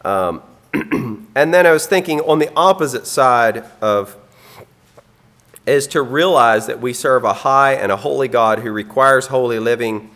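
A man preaching a sermon in an earnest, plain-spoken way, with frequent ums and some throat clearing. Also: mid-range voice, unhurried, fairly bright tone.

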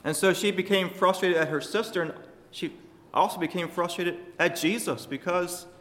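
A man preaching a sermon to his congregation, speaking emphatically and shifting his loudness for emphasis. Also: high voice, normal speed, big-room sound.

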